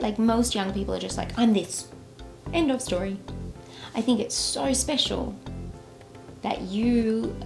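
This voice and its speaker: A bubbly, enthusiastic Australian woman hosts a podcast and chats warmly with a young guest. Her voice has a gravelly edge. The room sounds echoey, with music playing behind her. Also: mid-range voice. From Melbourne, Australia. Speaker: podcast host. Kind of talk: casual chat with a child guest.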